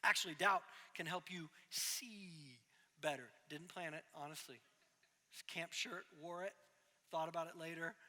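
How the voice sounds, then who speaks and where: A man's voice: a little high, unhurried, pushed and bright, in a large hall. A young adult man preaching a sermon as a pastor, talking conversationally with frequent asides and self-deprecating humor.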